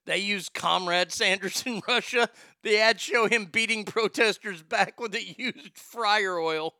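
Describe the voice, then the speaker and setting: Bright, high-voiced Texan man ranting. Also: a little slow, no echo, clean studio sound. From Texas. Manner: profane, rambling, stammering restarts. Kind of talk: casual rant.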